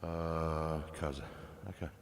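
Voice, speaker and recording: A man's voice: a bass voice, little pitch movement, slow, smooth, no room sound. A man in his fifties telling a story on a stream, rambling, profane and full of fillers and restarts.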